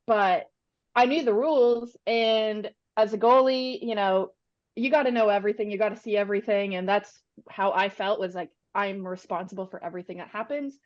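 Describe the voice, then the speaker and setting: Young woman telling lively stories, lo-fi. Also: medium pitch. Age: young adult. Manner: animated, fills with "like". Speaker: podcast guest. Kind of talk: casual storytelling chat. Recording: dull lo-fi sound.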